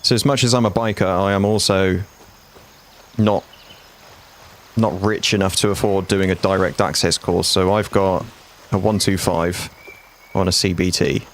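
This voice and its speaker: Forties male streamer, lowish voice, blunt, sweary, easygoing chat with viewers. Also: steady tone, normal speed, pauses often. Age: 40s. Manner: blunt, chatty, swears freely, talks to chat. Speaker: game streamer. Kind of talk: casual live-stream chat.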